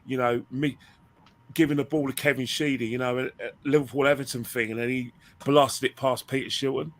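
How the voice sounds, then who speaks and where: A man chatting excitedly about football, stumbling over his words as he tells stories. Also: mid-range voice, fairly quick. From England. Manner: animated storyteller, stumbles and repeats words. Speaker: football fan panelist. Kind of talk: casual chat.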